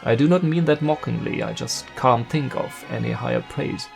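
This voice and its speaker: Gravelly-voiced man narrating about opera. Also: medium pitch, a little mellow, soft background music. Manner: earnest, admiring, measured. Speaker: video essayist.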